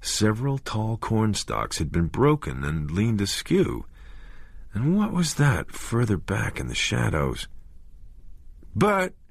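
A man narrating a horror audiobook in a measured, deliberate way. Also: lowish voice, huge pitch swings, creaky, husky, dry recording.

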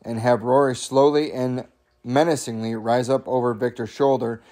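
A man's voice: medium pitch, fairly even intonation, moderate pace, a little mellow. A man casually reading a humorous memoir aloud, chuckling often, coughing now and then, and making chatty asides to his listeners. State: coughing at times. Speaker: audiobook reader.

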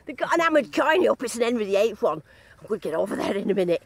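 A woman vlogging a metal detecting dig outdoors, chatting in a bubbly, excitable way and repeating herself in delight. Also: medium pitch, racing. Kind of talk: excited casual running commentary.

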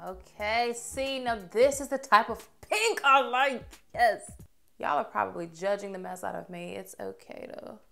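Young woman, beauty vlogger, casual makeup review, expressive, gushing. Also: on the high side, a little slow, creaky, faint music behind.

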